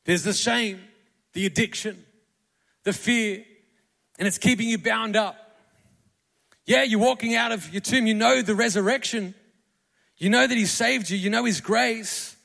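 Aussie pastor guy, fairly high gravelly voice, chatty sermon, acts out the quotes, big church hall reverb. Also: measured pace, long pauses, bright, forceful tone. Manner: conversational preaching, acts out quotes. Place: church auditorium.

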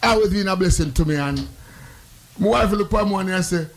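A man with a Jamaican accent hosting a playful, loud chat, speaking in patois. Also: high-pitched, a little fast. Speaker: host. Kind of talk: casual promo chat.

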